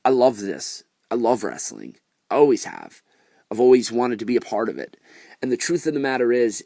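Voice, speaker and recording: Low-voiced man ranting on a vlog. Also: no room sound, studio quality. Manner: ranting, exasperated, many fillers and restarts. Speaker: wrestling vlogger. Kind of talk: casual opinion rant.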